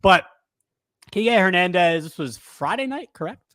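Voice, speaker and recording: A man's voice: high voice, expressive, a little slow, a bit bright, dry recording, studio quality. A man co-hosting a casual sports podcast, talking loosely with lots of fillers, restarts and self-corrections. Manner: rambling, frequent fillers and restarts. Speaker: podcast co-host.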